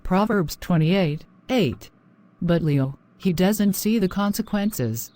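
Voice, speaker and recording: A woman doing a worried wife, mellow and low, anxious, scripture-quoting. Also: lively intonation, slow. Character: worried wife of a generous man.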